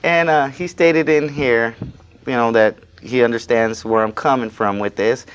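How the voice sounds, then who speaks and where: A man's voice: mid-range voice, steady tone, measured pace, clean tone, lo-fi sound. Plain-spoken man as interview guest. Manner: plain-spoken, aggrieved, recounting a workplace dispute. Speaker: guest, activist. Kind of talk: casual interview talk. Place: TV studio.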